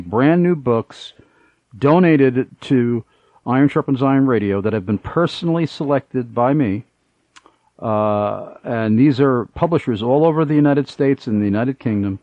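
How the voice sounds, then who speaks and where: A man's voice: mid-range voice, lively intonation, a little slow, mellow, no room sound. Earnest middle-aged radio host guy, lots of uh's, dry slightly dull sound. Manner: earnest, speaks with many fillers. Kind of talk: radio talk and announcements.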